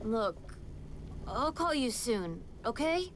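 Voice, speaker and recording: A woman's voice: fairly high pitch, sing-song, slow, slight background noise. A slangy, breezy teenage girl. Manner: slangy, casual, laid-back. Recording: game audio with music behind.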